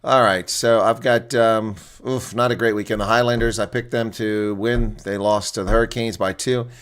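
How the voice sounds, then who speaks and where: A man with a voice on the low side hosts live rugby reaction commentary in a steady tone at a moderate pace. Chatty and blunt, he reads out team lineups, talks with viewers and often exclaims.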